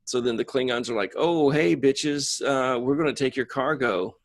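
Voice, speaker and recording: A man co-hosting a podcast, recapping a show episode with crude jokes and quick voices for the characters. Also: mid-range voice. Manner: jokey, acts out characters in quick asides. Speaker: podcast co-host.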